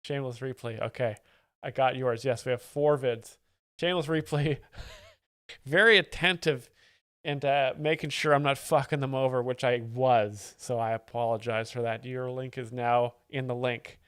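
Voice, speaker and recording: A man hosting a live stream, giving mock-expert commentary and reading chat in a deadpan, easily distracted way. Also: mid-range voice, moderate pace, clean tone, no echo, clean studio sound. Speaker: livestream host. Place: home setup with several screens.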